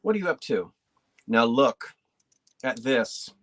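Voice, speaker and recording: A woman's voice: extremely low pitch, big pitch swings, takes it slowly, a little hiss or hum. A woman hosting a live online antiques sale from her home, chatty and folksy, often trailing off and restarting as she describes each piece. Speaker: online antiques auction host. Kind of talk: live sale stream presenting. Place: decorated home living room.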